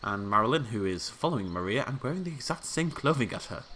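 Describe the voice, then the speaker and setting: Male game-video host, chatty and joking, low voice with a sharp edge. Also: big pitch swings, fast, a little hiss or hum. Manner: playful, chatty, talks to the game characters. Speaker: let's play host. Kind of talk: casual gameplay commentary.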